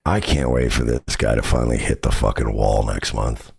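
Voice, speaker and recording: A man's voice: a bass voice, normal speed, gravelly, a little mellow, slightly rough. A man hosting a reaction commentary show, talking in a sarcastic, mocking and profane way.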